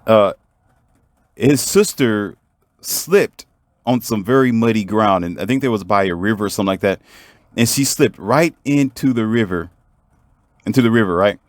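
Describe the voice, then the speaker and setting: A man's voice: lowish voice, expressive, moderate pace, pauses often, no echo, clean studio sound. A man telling a story in a motivational monologue, emphatic and preachy, and talking straight to the viewer. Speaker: vlogger.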